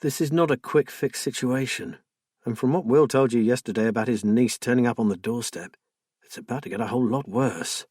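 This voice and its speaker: A calm, caring woman, as a male narrator reads her, gentle and reasoning. The husky voice is lifted only a little from his own. The recording is dry and close. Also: medium pitch, brisk, dry recording, natural voice. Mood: concerned. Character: calm, caring middle-aged woman partner.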